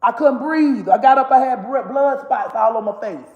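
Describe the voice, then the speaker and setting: A woman's voice: fairly high pitch, moderate pace, highs cut off. Blunt, cussing woman in her forties. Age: 40s. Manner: blunt, profane, laughs while scolding. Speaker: comedian and mother. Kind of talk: candid monologue to camera. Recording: echoey room with long reverb.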